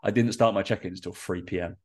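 A man's voice: low voice, steady tone, fairly quick, a little mellow, breathy edge. A man with a nasal, congested voice, a personal trainer chatting casually on a podcast in a rambling way full of fillers.

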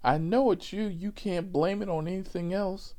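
A man's voice: high voice, steady tone, moderate pace, mellow, voice pushed up, natural voice. Man doing an irate accusing woman passenger. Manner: scolding, profane.

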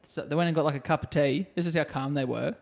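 A man's voice: on the high side, quick pace, gravelly. A man with an Australian accent, co-hosting a podcast, telling rambling stories in casual chat and swearing freely. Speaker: podcast co-host.

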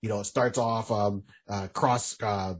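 A man's voice: lowish voice, fairly even intonation, a little slow, slightly rough. A man co-hosting a podcast, chatting casually in a rambling way with lots of restarts. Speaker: podcast co-host. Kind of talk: casual chat.

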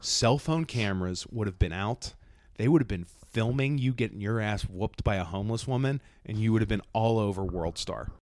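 A man's voice: on the low side, normal speed, dry recording, studio quality. A man co-hosting a casual comedy podcast, telling stories and acting out the people in them. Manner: animated storyteller, acts out voices. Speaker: podcast co-host.

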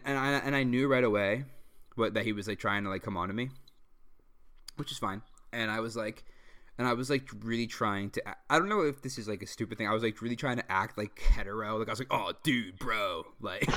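A young man on a podcast tells a story in loose, casual chat. He rambles with a steady stream of fillers and swearing, and often breaks into laughter. His voice sits at an ordinary middle pitch. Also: fast. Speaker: podcast host.

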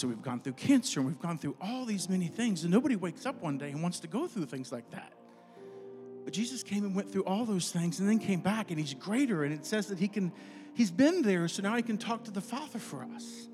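A man in his fifties giving an informal, conversational sermon, acting out his inner dialogues in lively voices and closing in prayer. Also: high-pitched. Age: 50s. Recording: music playing behind.

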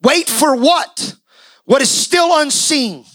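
A male pastor delivering an impassioned sermon, swinging from quiet talk to shouting. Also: very high-pitched, lively intonation, slow, no room sound, poor audio.

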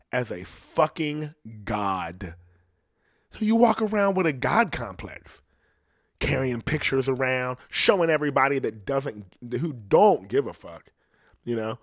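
A man's voice: medium pitch, no echo. A man ranting in a casual, profane monologue, rambling and often asking "you know what I mean", on a close mic in a small room. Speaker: podcast host.

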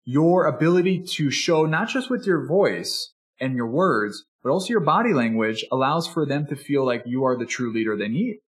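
An energetic, enthusiastic man teaching as a speaking coach in a motivational podcast talk, sometimes acting out a customer and a salesperson. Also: medium pitch, normal speed, hardly any pauses. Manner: energetic and enthusiastic, animated delivery; acts out customer and salesperson dialogue.

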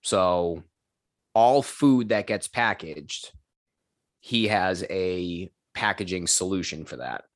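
A man's voice: low-pitched, slow pace, dry recording, studio quality. A man who owns a gym, chatting casually and telling profane stories in which he acts out the people in them. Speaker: gym owner and trainer. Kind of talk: casual chat.

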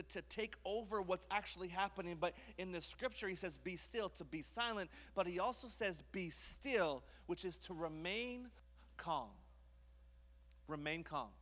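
A man in his thirties from Canada, preaching a sermon and telling lively stories, acting out his own voice and others' in quotes. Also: a little high. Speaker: pastor. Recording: long reverb of a large hall.

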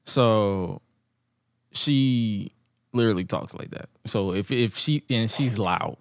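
Chill podcast host guy, lowish voice, rambly and laughing, dry sound. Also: slow pace, creaky, dry recording. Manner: laid-back, rambling, laughs often. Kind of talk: casual chat.

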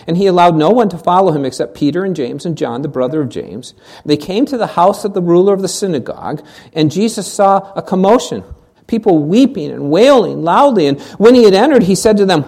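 A preacher delivers a sermon in a mid-range voice, posing question after question to the congregation. Words get doubled as they restart a thought, and the voice often sinks to a hushed, near-whisper to drive a point home. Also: medium pitch, big pitch swings, fairly quick. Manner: rhetorical questions, repeats words when restarting. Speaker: pastor.

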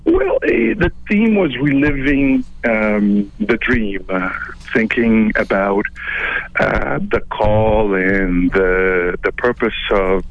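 A middle-aged man who grew up abroad, a council president speaking as a phone-in guest, halting with many fillers. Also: lowish voice, expressive, no room sound. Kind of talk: phone-in interview. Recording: dull phone line.

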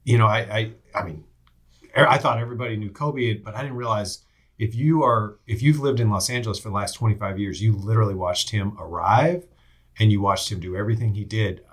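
A man's voice: fairly low pitch, brisk, breathy edge. A man from Texas hosting a podcast, asking questions conversationally and reacting with enthusiastic exclamations. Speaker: podcast host. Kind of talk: conversational interview.

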